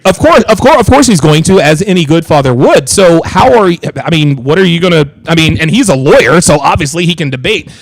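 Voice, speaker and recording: Speaking fairly quickly with few pauses, an American man hosts a livestream in a slightly high voice, joking animatedly and restarting sentences frequently. The audio is low-quality but without echo.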